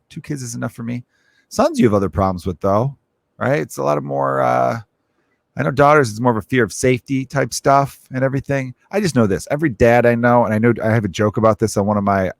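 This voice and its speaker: Gravelly, rambling comedian host. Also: male voice, mid-range voice, dry recording. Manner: rambling, profane, acts out quoted voices. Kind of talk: casual comedic monologue.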